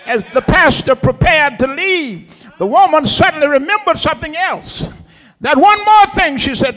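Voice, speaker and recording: A pastor preaching an impassioned Easter sermon, rising into shouts with a preacher's cadence. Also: male voice, very high voice, expressive, moderate pace, in a large hall.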